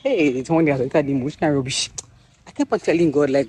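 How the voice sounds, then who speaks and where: A young Nigerian woman with a Nigerian accent, chatting excitedly in a casual vlog to a phone camera, with pidgin-tinged phrasing. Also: low voice, quick pace, a little hiss or hum. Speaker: vlogger and author. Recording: echoey room with faint background ambience.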